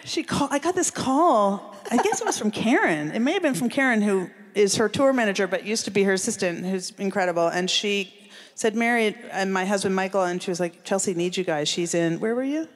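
A woman from New Jersey in a casual chat, telling lively stories about a friend and laughing often. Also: medium pitch, a little fast. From Central New Jersey.

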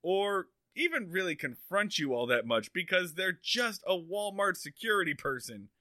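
Male podcast co-host, high, sharp voice, jokey casual riffing. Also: big pitch swings, dry recording, studio quality. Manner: joking, riffing, quick asides. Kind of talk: casual comedic chat.

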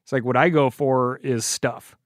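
A man in casual podcast talk who gets animated as he tells a story, slipping into quoted speech. His voice is middle pitch. The recording is dry with no room sound. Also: moderate pace, dry recording. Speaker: podcast guest. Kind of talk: casual chat.

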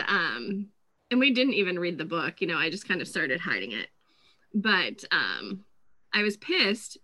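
A woman, chatting as co-host and telling animated stories about her family. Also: medium pitch, no echo, poor audio. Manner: chatty storyteller, quotes her kids in lively voices. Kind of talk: casual chat.

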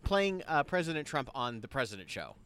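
A man's voice: mid-range voice, big pitch swings, a little fast, fairly bright tone, smooth. A man co-hosting a podcast, chatting casually with fillers and jokes. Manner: rambling, jokey, with many fillers. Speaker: podcast co-host. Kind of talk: casual chat.

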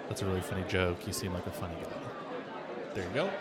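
A man performing improvised comedy in a dry, teasing, deadpan way. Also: lowish voice, moderate pace, over loud music, over a noisy crowd.

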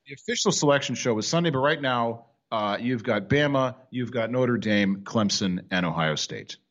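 A man's voice: mid-range voice, animated, normal speed, fairly bright tone, lo-fi sound. A man hosting a casual sports talk show, wisecracking and rambling with frequent restarts.

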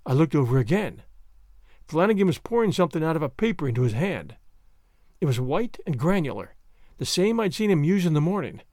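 A man reading a story aloud as narrator, expressive and dramatic. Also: fairly high pitch, fairly quick, dry recording, clean studio sound. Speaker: audiobook reader.

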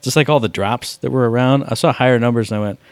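A young man co-hosting a casual podcast, telling rambling stories in a relaxed way. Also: medium pitch, quick pace, no room sound. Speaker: podcast co-host. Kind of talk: casual chat.

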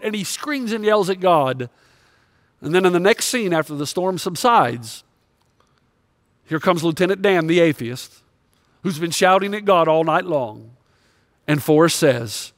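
A male pastor preaching a sermon, telling a personal story in a confessional way, swinging between loud emphasis and quiet moments. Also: on the high side, lively intonation, a little slow, long pauses, dry recording, clean studio sound.

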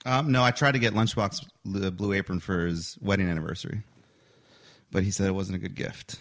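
A man in his thirties from Texas, a co-host in a casual studio chat, chiming in quickly and teasing his partner. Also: deep voice, steady tone. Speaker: radio show co-host.

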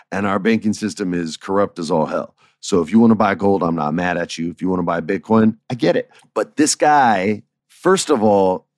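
A man's voice: darkish tone, dry recording, studio quality. Laid-back man telling backstage stories. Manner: laid-back, laughs often, acts out quotes in shifting pitch. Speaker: former writer telling stories. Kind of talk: casual storytelling chat.

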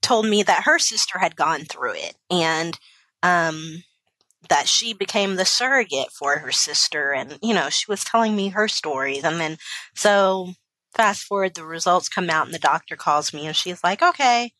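A woman's voice: fairly low pitch, normal speed, sharp tone, no echo. A woman in her thirties, a kindergarten teacher telling her personal story as an interview guest, candid and emotional, with many fillers and restarts. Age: 30s.

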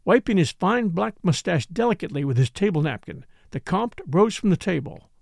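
A man reading a novel aloud as an audiobook narrator, with expressive storytelling. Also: high voice, fairly quick, vocal fry, no echo, clean studio sound. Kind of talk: scripted narration.

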